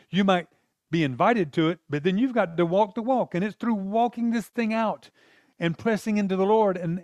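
A man preaching a sermon in an earnest, conversational way, with quick asides and short laughs. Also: sits high, no room sound, clean studio sound.

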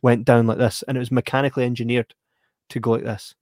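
A young man in casual chat, telling a story with animated delivery, frequent laughter and acted-out quotes. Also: mid-range voice, fast, no room sound. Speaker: podcast co-host.

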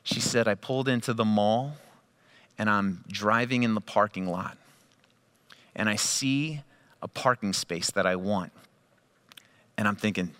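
A man delivers a sermon with a clear, bright tone and a relaxed, conversational manner. He drifts into storytelling and acts out quoted lines. His voice climbs with excitement at the high points. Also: normal speed, pauses often. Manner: animated storytelling, voice rising with excitement; conversational, with quoted asides and fillers. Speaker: pastor.

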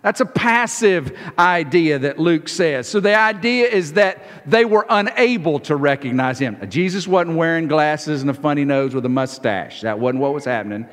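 Animated preacher in a reverberant hall. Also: male voice, a little high. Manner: conversational, animated, repeats words when starting phrases; acts out the disciples' lines in quick, lively bursts. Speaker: pastor. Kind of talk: sermon. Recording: long reverb of a large hall.

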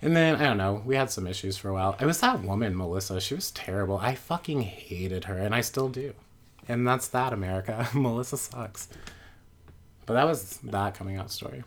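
A man in his late twenties, a guest storyteller, casually shares a personal story with a fairly low-pitched voice and a brisk pace. He rambles, filling it with fillers and asides.

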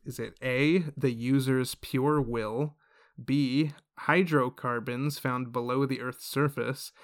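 A man running a casual quiz among friends on a podcast, playful and quick to laugh. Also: mid-range voice, fairly even intonation. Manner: playful, laughs between questions. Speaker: quiz host.

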